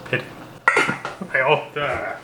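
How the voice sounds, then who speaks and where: A man's voice: mid-range voice, slow, background noise. A man hosting a casual cooking vlog, laid-back and jokey, rambling as he cooks. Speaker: cooking show host. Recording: roomy sound with background music.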